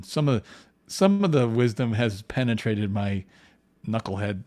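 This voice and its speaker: A man's voice: lowish voice, lively intonation, unhurried, darkish tone. A man, a comic book artist, talking casually on a livestream while painting, rambling with frequent restarts and lots of "you know".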